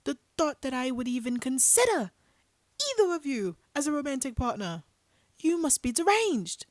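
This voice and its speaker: A woman's voice: sits high, no echo, pitched above the performer's own voice. Woman doing a shrieking furious British girl. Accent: put-on British. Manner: shouting insults, theatrical. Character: furious young woman, scathing and shouting.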